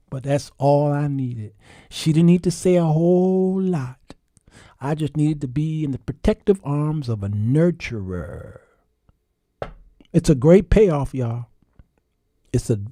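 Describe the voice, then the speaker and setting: A man hosting his show, telling a comic story animated and laughing, calling listeners y'all. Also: mid-range voice, takes it slowly, pauses often, no echo, studio quality. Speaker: show host.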